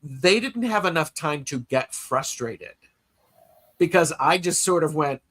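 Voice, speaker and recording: A man's voice: a little high, expressive, measured pace, fairly bright tone. A man hosting a podcast in casual chat, telling stories in a rambling way with many fillers and restarts. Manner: reads listener comments aloud. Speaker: podcast host.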